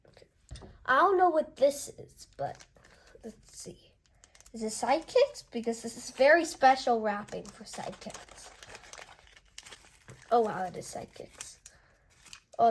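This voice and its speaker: Young woman unboxing a board game, kinda high voice, chatty and excited, reads the cards out. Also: measured pace, long pauses, slightly rough. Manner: chatty and excited, reading card text aloud. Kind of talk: casual unboxing and card review.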